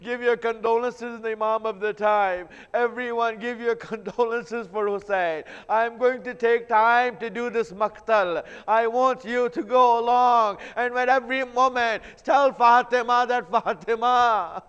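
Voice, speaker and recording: High-voiced grieving man preaching in a hall. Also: fairly even intonation, a little slow, hardly any pauses, a bit bright, smooth. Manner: grieving, repetitive, breaks into sobs. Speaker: speaker at a mourning gathering. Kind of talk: emotional sermon recitation. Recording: echoey hall, slightly dull sound.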